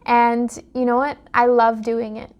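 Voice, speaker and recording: Her voice is a little high and smooth, with a flat, measured delivery, and the recording sounds muffled. She's a young adult life coach and dream interpreter addressing viewers head-on in a fervent vlog monologue built on rhetorical questions.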